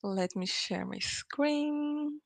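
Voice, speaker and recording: A woman's voice: high voice, lively intonation, drawn-out words, creaky, low-quality recording. A woman whose first language is Portuguese teaching a live online English grammar lesson, patient and often checking in with "okay?" and "right?".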